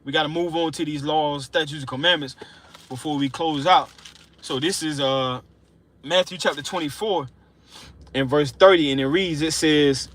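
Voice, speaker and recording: A man preaching an informal sermon, fervent and emotional, repeating himself and slowing down to read scripture aloud. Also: a little high, a bit bright. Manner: emotional, fervent, repetitive, slows down reading scripture. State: excited and sweating.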